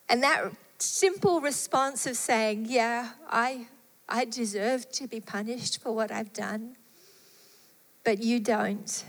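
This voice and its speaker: A woman's voice: on the high side, slow pace. Fervent woman preaching in a reverberant hall. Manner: fervent, swelling and dropping to soft tones. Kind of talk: sermon.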